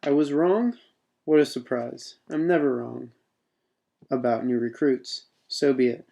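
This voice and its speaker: A man voicing a huge, boisterous male bounty hunter leader who blurts out his lines loudly, read from a homemade mission story. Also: medium pitch, measured pace, vocal fry. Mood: scoffing. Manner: loud blurting outbursts.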